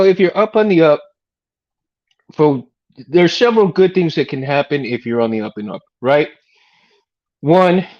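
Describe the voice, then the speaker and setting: With his highs cut off in the recording, this middle-aged livestream host from Texas speaks in a mid-range voice. His casual stream is laid-back and rambling, full of laughter and of "man" and "dude."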